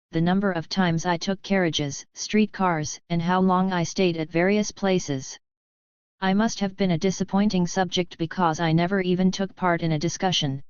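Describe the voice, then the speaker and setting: A woman reading a memoir aloud as narration, in a steady, measured way. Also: on the low side, smooth, no room sound, dull audio. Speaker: audiobook reader. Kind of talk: scripted narration.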